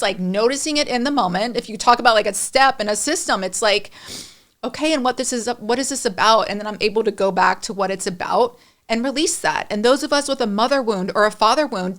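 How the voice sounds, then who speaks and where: A woman's voice: sits high, a bit bright. A middle-aged woman speaking candidly and emotionally as a podcast guest, rambling through personal stories.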